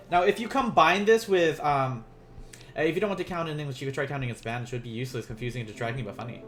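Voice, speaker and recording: A man teaching beginner Japanese in a casual livestream, rambling and self-amused, softly counting out strokes as he writes. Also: fairly high pitch, rapid-fire, music in the background.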